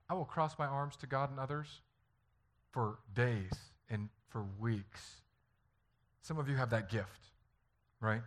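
A man's voice: medium pitch, takes it slowly, long pauses. A man preaching a sermon as a pastor, talking earnestly and conversationally and acting out stories from family life.

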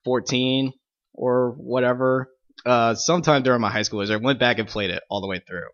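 A man appearing as a podcast guest, talking in a relaxed way with some hesitant fillers and chuckles. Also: medium pitch, moderate pace, lo-fi sound. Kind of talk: casual chat.

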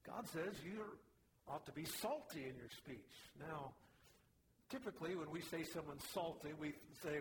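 A man's voice: on the high side, a little slow, long reverb tail, background noise. A man preaching a sermon in a folksy, conversational way, with small personal asides. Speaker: pastor.

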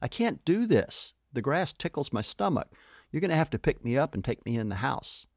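A man voicing an excitable young boy who has been turned into a worm, eager and giggly. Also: lowish voice, brisk, dry recording, clean studio sound, lightly acted.

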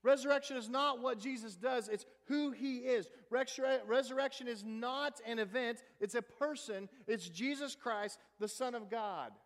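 A man's voice: extremely high pitch, normal speed, hardly any pauses. A man preaching a sermon and reading scripture aloud, building in intensity. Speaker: pastor. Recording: long reverb of a big room, faint music.

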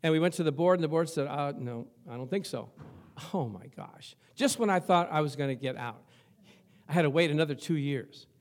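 Older male pastor, lively storyteller. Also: fairly high pitch, a little fast. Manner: conversational and humorous. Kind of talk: sermon.

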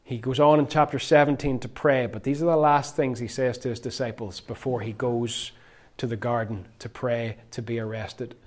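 A male preacher with an ordinary middle-pitched voice delivers a sermon. He swells into loud, emphatic stretches and then sinks to near-whispers, drawing out key words for effect. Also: steady tone, moderate pace.

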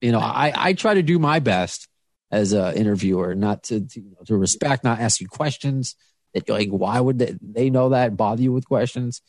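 A man's voice: mid-range voice, moderate pace, a little mellow, dry recording. A man hosting a podcast interview, talking casually and rambling with many restarts and fillers. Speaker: podcast host.

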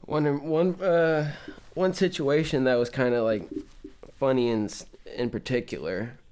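A man telling an anecdote in relaxed, rambling casual chat. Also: mid-range voice, measured pace, smooth. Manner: laid-back, rambling, casual storyteller. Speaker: chat partner.

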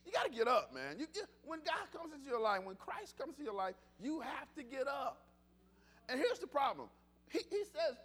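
Very high-voiced man preaching casually. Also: moderate pace. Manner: animated, conversational preaching with repetitions and restarts. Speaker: pastor. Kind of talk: casual sermon.

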